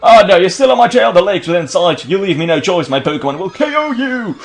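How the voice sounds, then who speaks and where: A man's voice: sits high, sing-song, fairly quick, soft background music, voice pushed up. A man voicing a cocky male villain grunt in a put-on British-sounding accent, rude and brash. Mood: taunting.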